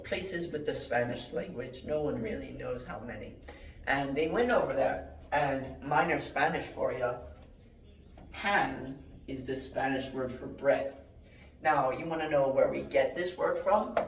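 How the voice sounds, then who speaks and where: A man giving a mock classroom lecture, rambling through deadpan fake word origins with many fillers. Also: mid-range voice, slight background noise. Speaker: joke Latin teacher. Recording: echoey room, mic at a distance.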